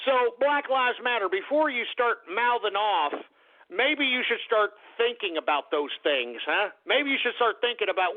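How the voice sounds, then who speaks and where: A man's voice: extremely high pitch, animated, normal speed. Profane ranting male radio host, tinny. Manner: profane, combative, mocking callers. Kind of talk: call-in radio rant. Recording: tinny phone-line audio.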